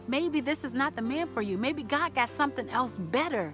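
A woman's voice: high-pitched, lively intonation, normal speed, a bit bright, soft background music. A woman vlogging casually about her faith, chatty and encouraging, with many fillers.

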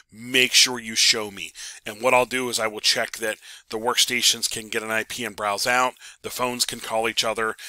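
A man's voice: lowish voice, pushed and bright, dry recording. A man teaching a networking class over a screen recording, talking casually with many ums and repeated words. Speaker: networking instructor.

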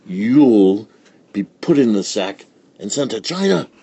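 A man reading a storybook aloud, voicing a cruel, scornful stepmother in a shrill, snapping voice. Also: big pitch swings, slow pace, warm tone, husky, no room sound, exaggerated voice. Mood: threatening. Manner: shrill, snapping, mock-sweet.

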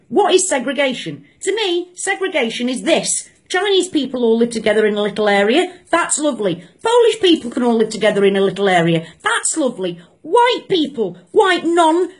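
A woman's voice: a little high, sing-song, brisk, slightly rough. A woman delivering an angry opinion rant to camera, indignant and emphatic, repeating phrases for force. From Britain.

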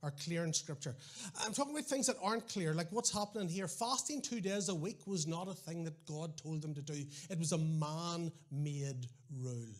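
A middle-aged man with a Northern Irish accent, preaching a sermon with animated storytelling, wry asides and frequent restarts. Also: on the high side, moderate pace. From Northern Ireland.

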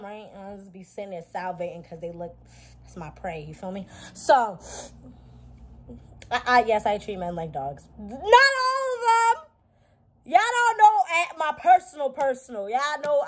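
A woman's voice: fairly high pitch, a little hiss or hum. A young woman vlogging in a blunt, profane, joking casual chat. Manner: blunt, profane, animated, jokey.

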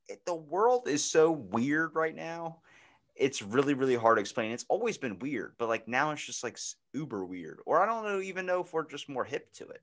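A man hosting a podcast in casual chat, telling stories with lively acted-out voices and plenty of swearing. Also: mid-range voice, fairly quick. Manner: animated storyteller acting out voices, swears freely. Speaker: podcast host.

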